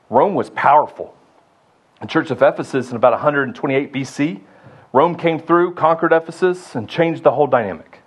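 A young adult man preaching a sermon, building to loud rallying shouts and then dropping low and intimate. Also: slightly rough. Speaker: pastor.

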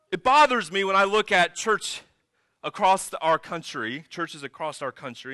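Male pastor, sermon delivery, light high voice, chatty then emphatic, dry close sound. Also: dry recording. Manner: conversational, animated storytelling with sudden emphatic rises.

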